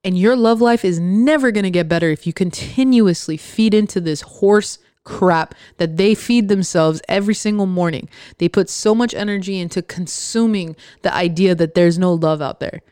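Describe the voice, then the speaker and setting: A woman's voice: on the low side, normal speed, hardly any pauses, a little mellow, smooth, no echo, studio quality. A young woman hosting a podcast, giving a blunt, profane motivational rant and mocking doubters. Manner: sarcastic, mocks others in put-on voices; profane and emphatic. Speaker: podcast host.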